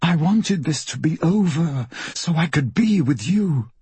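A man's voice: fairly high pitch, expressive, measured pace, warm tone, breathy edge, no room sound, pitched above the performer's own voice, heavily acted. A man voicing a grieving young woman magician in an audiobook, his voice raised and trembling with grief. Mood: distraught. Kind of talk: audiobook character voice.

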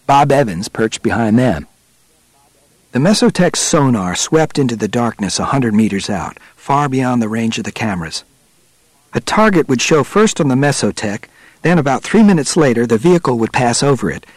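A man narrating a nonfiction adventure audiobook in a steady, measured storytelling manner. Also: medium pitch, no echo.

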